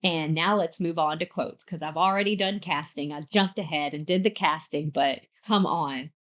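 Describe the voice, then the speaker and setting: A woman's voice: deep voice, moderate pace, a bit bright. Chatty, playful woman podcast host. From United States. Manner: bubbly, playful, chatty with frequent asides. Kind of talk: casual book review chat.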